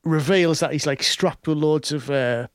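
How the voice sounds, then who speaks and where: Brief: man, casual chatty storyteller, a touch higher pitched, dry close sound. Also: a little slow, dry recording. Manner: rambling storyteller, many fillers and restarts. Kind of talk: casual chat.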